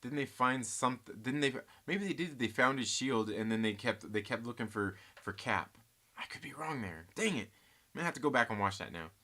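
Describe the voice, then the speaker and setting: A man hosting a casual live movie chat stream, reading viewer comments aloud and thinking out loud with frequent restarts. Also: medium pitch, animated, brisk.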